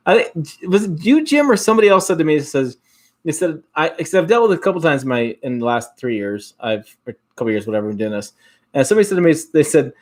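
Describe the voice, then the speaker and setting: A man's voice: mid-range voice, darkish tone. A man from Michigan with an Upper Midwest accent hosting a casual livestream, reading out viewer comments in a rambling way with frequent restarts. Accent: Upper Midwest American. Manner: rambling, repeats and restarts words, chuckles often. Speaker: host.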